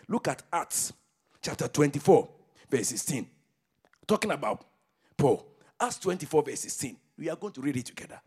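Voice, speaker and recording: A man preaches a fervent sermon, calling out to his congregation and swinging from shouted declarations to low, hushed lines. His voice sits high and husky, with a gravelly fry. The pitch leaps around with wild animation. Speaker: pastor.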